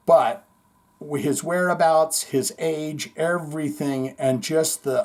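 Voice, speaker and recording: A man hosting a podcast, telling a long story in a rambling, animated way, full of swearing and acted-out quotes. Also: a little high, a little slow. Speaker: podcast host. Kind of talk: casual storytelling monologue.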